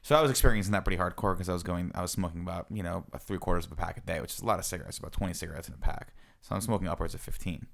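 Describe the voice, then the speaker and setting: A man's voice: low voice, rapid-fire, gravelly, fairly bright tone. A man in his thirties, a podcast co-host, telling a self-mocking story in casual chat. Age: 30s.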